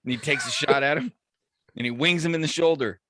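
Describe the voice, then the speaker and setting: A man's voice: on the high side, fast, bright, forceful tone. A man hosting a podcast in casual chat, telling a crude joke in a laid-back way. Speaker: podcast host.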